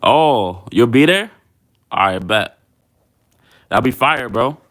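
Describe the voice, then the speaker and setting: A man's voice: medium pitch, animated, slow pace, fairly bright tone. A young man hosting a fitness livestream, chatting casually with viewers in a slangy, laid-back way.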